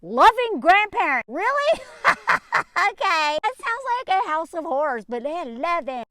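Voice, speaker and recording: A woman's voice: high-pitched, very animated, measured pace, bright, forceful tone, no echo. A woman giving casual opinion commentary as a vlogger, sarcastic, laughing often and filling her talk with "like".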